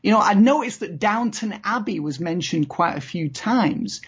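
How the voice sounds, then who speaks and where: A woman talks in a husky, slightly breathy voice, chatting loosely and rambling with lots of "you know"s. Her recording is dull and lo-fi. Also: medium pitch, expressive, normal speed. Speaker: podcast co-host. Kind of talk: casual chat about reality TV. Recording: dull lo-fi podcast audio.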